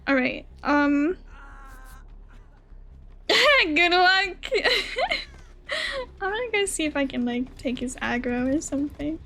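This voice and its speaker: A woman streaming a game live, chatting with teammates in an excitable way, swearing and squealing. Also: high-pitched, slow pace, pauses often. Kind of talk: live gameplay chat with teammates.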